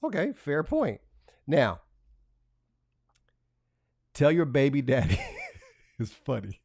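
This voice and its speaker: A man's voice: mid-range voice, huge pitch swings, takes it slowly, vocal fry, darkish tone, no room sound, studio quality. A man hosting a live stream, talking casually and reading messages aloud in a profane, mocking way, laughing between lines. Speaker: livestream host.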